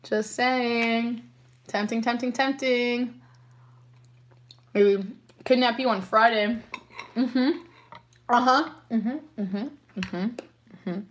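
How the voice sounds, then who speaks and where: A young woman chats on a tarot livestream, answering comments as they come in. Her voice sits a touch high and her pace is leisurely. She giggles a lot and bursts into excitement when viewers chime in. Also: takes it slowly, long pauses. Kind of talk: casual livestream chat reading comments.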